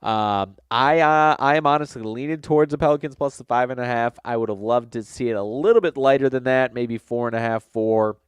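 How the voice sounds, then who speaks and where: With a mid-range voice and a clean tone, this sports betting podcast host talks a little fast with hardly any pauses, and there's no echo. A cold makes him a bit nasal, and he rambles casually, using lots of fillers and correcting himself.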